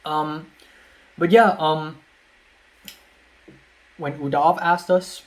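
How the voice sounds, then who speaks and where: Rambling young man, higher-pitched. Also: fairly even intonation, takes it slowly, pauses often. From Hong Kong. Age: young adult. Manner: rambling, repeats himself, many ums; self-deprecating, laughs at himself. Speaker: vlogger. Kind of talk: casual vlog storytelling.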